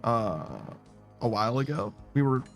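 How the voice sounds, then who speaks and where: A man's voice: mid-range voice, moderate pace, soft background music. A man streaming a game in casual chat, reading messages aloud, rambling, swearing often and laughing a lot.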